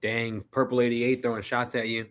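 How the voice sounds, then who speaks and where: A young man with a Detroit accent chats on a podcast at an ordinary middle pitch. He is lively and teasing and laughs often as he talks. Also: moderate pace. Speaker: podcast co-host. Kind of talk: casual chat.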